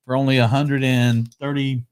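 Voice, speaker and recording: A man's voice: medium pitch, little pitch movement, normal speed, smooth. A man hosting a casual talk show, chatty, often restarting and repeating his words. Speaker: podcast host. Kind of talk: casual chat.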